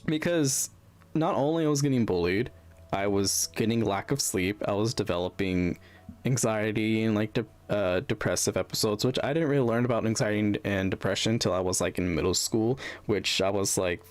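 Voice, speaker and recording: A man's voice: on the low side, fairly quick. A young man streaming, telling a bitter story in a rambling, heavily profane way, full of fillers and restarts. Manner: bitter, venting. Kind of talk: casual storytelling on a livestream.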